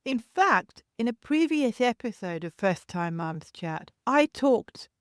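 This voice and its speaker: A woman hosting a solo parenting podcast, explaining baby cries in a gentle, reassuring teaching tone and imitating the cries to show them. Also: a little high, big pitch swings, takes it slowly, clear, resonant tone, no echo, studio quality. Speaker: podcast host and childcare educator.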